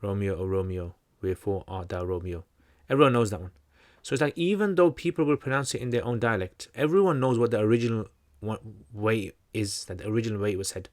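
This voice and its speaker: A man's voice: medium pitch, animated, fast talker, few pauses. A man hosting a livestream Q&A, teaching in a loose, conversational way, full of fillers and restarts. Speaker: channel host answering questions.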